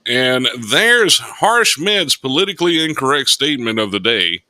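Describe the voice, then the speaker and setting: Wry man with a very bright voice. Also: mid-range voice, very animated, moderate pace, dry recording. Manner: wry, mock-announcer commentary. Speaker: host. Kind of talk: casual chat.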